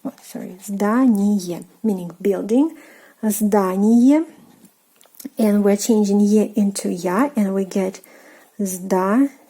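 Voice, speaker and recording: A woman with a Russian accent gives an online language lesson in a mellow, relaxed voice. She explains off the cuff with plenty of fillers and repeats each word slowly for practice. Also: medium pitch, breathy edge. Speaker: language teacher.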